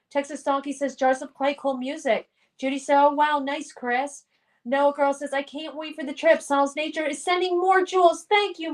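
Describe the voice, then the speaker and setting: A middle-aged woman hosting a livestream from home, reading viewers' chat comments aloud and running a guessing game. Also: high-pitched. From Colorado. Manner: reads out chat messages and hosts a guessing game. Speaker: livestream host.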